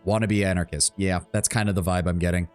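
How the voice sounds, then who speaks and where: A man's voice: sits low, steady tone, quick pace, clean tone. A male streamer casually commenting on a video game in a sardonic, foul-mouthed way. Faint game music sits behind him. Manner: profane, sardonic. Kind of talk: casual gameplay commentary and reading.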